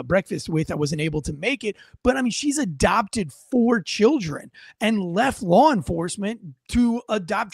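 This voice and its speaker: High-voiced man ranting in casual talk. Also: no room sound. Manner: animated, emphatic, reads comments aloud. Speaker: podcast co-host. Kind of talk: casual opinion chat.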